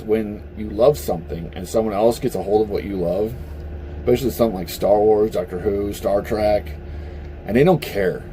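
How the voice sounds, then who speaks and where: Male vlogger, mellow voice, lively pitch, profane heated rant. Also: slight background noise. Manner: profane and blunt; animated, heated. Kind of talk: casual opinion rant.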